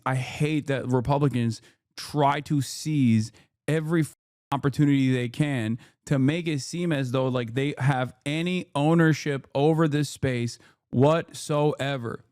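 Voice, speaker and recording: A man's voice: mid-range voice, a little mellow, no room sound, studio quality. A man streamer reacting to a video clip in heated, profane rants. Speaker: streamer commentator.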